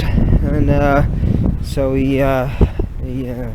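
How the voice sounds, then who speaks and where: A man retelling a story while out on a cold walk, halting and swearing as he loses his train of thought. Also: fairly high pitch. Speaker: vlogger. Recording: loud wind noise on outdoor mic.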